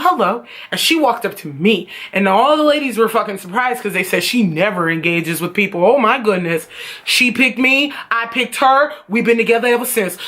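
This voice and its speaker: A woman vlogger telling a casual storytime, animated and profane, often laughing. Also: mid-range voice.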